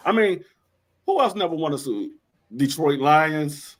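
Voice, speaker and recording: A man hosting a casual sports talk stream, joking through animated banter. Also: on the high side, measured pace.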